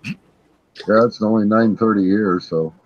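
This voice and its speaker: A man's voice: on the low side, fairly even intonation, slow pace. A man on a casual live-stream chat, asking brief curious questions. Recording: dull lo-fi call audio.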